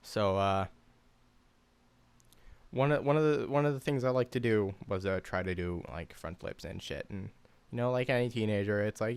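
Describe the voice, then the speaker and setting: A young man, a commentary YouTuber, speaks at a moderate pace in a smooth, lowish voice, recorded dry. His casual personal story rambles, littered with swearing, fillers and false starts.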